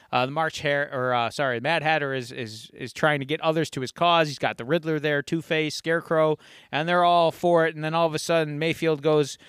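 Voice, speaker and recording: A man co-hosting a podcast, his voice smooth and fairly high for a man. He rambles through a story with lively energy. The sound is close and dry. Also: a little fast, no echo. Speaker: podcast co-host. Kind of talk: casual chat, retelling an episode.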